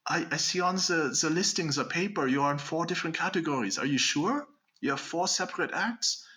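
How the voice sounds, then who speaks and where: A man voicing a middle-aged German competition organizer in a mock German accent, with halting, formal phrasing. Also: a little high, animated, sharp tone, pitched above the performer's own voice. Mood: polite, puzzled.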